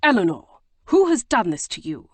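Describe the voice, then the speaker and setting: A woman narrator puts on a young gentleman wracked with guilt, voice climbing high and loud as he cries out. The booth is dry and close, and the storybook reading stays exclamatory throughout. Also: sing-song, moderate pace, breathy edge, dry recording. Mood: demanding. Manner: distraught, exclamatory outbursts. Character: anguished young gentleman, agitated and guilt-stricken. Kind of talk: audiobook character voice.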